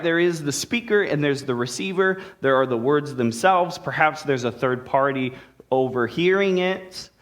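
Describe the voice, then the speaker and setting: A male pastor preaching a sermon in a conversational way, with playful asides to the congregation. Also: a little high. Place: church sanctuary.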